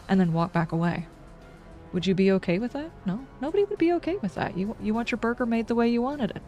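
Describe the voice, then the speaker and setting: A woman's voice: mid-range voice, fast talker, a little mellow, soft background music. Exasperated woman ranting on stream. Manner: exasperated ranting with sarcastic asides. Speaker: game streamer. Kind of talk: casual livestream chat.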